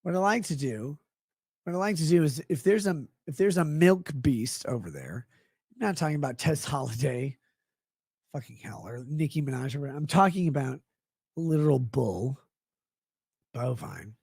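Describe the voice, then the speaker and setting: Gravelly, husky man rambling crudely. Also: a little high, expressive, moderate pace, a little mellow, no room sound, studio quality. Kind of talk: rambling stream monologue.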